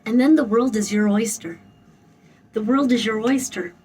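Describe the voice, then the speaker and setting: A woman's voice: a little high, moderate pace, darkish tone, far from the mic, a little hiss or hum, low-quality recording. A woman giving a spoken tarot reading, emphatic and blunt, swearing freely and repeating her phrases. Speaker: tarot reader.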